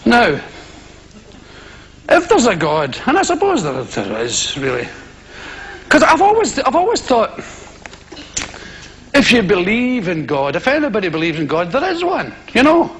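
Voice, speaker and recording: A man with a Scottish accent doing live stand-up comedy on a theatre stage, telling animated stories with shouted exclamations. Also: sits high, a little slow, pauses often, a little hiss or hum. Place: theatre stage before an audience. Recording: live show with loud audience laughter.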